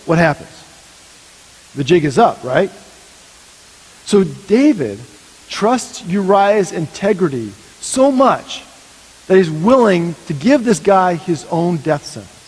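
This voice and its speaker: A man pastor preaching a sermon, telling a story dramatically and dropping to a hush for emphasis. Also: high-pitched, sing-song, takes it slowly, pauses often, husky. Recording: long reverb of a large hall.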